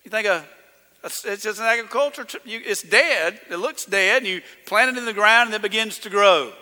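A man's voice: high-pitched, moderate pace. Pastor guy preaching, folksy, big reverb from the church hall. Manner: folksy storytelling preaching, swings from loud to hushed. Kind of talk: sermon.

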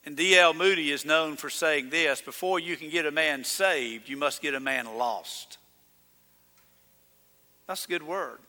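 A male pastor preaching a sermon in a folksy storytelling way, swinging between loud calls and hushed asides. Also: on the high side, a little slow, long reverb tail.

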